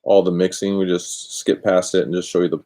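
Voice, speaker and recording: A man's voice: deep voice, flat delivery, a little fast, warm tone. A man chatting casually and rambling on a craft live stream from a cold garage, picked up by a laptop's built-in microphone. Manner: rambling, chatty, self-deprecating. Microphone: built-in computer microphone.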